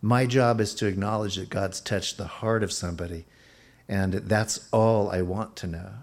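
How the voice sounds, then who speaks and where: A male pastor preaching a sermon in an unhurried, emphatic way, his voice sometimes rising suddenly. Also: fairly low pitch, steady tone, darkish tone.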